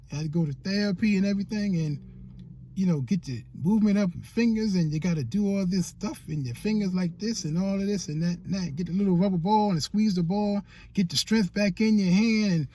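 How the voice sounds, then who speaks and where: A man's voice: high voice, darkish tone, no echo. A man giving motivational vlog talk as a YouTube coach, preachy and repeating phrases for emphasis.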